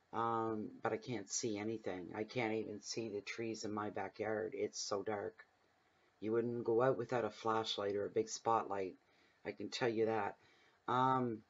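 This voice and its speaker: A tarot reader talks through a casual reading in a home room at night, windows open, rambling chattily and wandering into stories from his own life. His voice is fairly low with vocal fry, and the sound is lo-fi.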